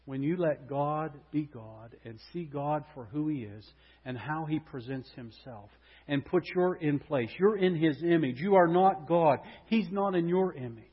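A man with a fairly high voice preaches dramatically, surging into loud proclamations and then dropping to hushed intensity. His voice rings through a long hall reverb, and the recording sounds muffled and dull. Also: measured pace, slightly rough. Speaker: pastor. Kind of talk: sermon.

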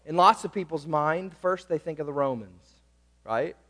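A man's voice: a little high, lively intonation, moderate pace, fairly bright tone, long reverb tail. A man preaching a sermon, emphatic, drawing out key words and checking in with the congregation. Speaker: pastor.

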